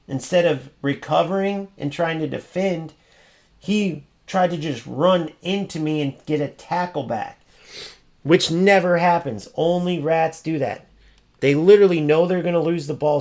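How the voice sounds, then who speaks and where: Blunt, gravelly-voiced male gaming host. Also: fairly high pitch, a little mellow. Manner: blunt, profane, repeats for emphasis. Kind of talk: heated casual rant.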